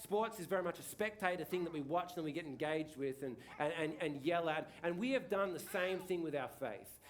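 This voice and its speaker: Male pastor, middle-aged, high-pitched, casual rambling preacher who keeps restarting his sentences. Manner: chatty, rambling with many restarts and tag questions. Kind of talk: casual sermon. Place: church hall.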